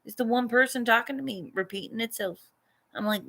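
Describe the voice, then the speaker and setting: A woman's voice: fairly high pitch, fairly quick, creaky, sharp tone. A Canadian woman artist vlogging casually, venting and swearing freely as she chats about her day. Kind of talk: casual chat.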